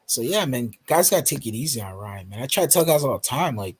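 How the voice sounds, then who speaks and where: Laid-back husky man chatting. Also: mid-range voice, expressive, fast talker, few pauses. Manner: laid-back, says bro and man a lot. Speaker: panelist. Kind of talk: casual podcast chat.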